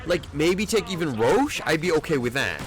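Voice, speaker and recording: A man's voice: on the high side, sing-song, moderate pace, a little hiss or hum. A man coaching a player through a game replay, exclaiming and repeating urgent commands as he talks. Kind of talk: replay analysis commentary. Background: music.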